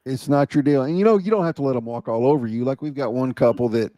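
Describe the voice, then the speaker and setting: A man's voice: mid-range voice, fast, dark tone, no echo. Brief: male host, casual podcast chat, dry close sound. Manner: casual, says "bro" and "dude", affirming interjections.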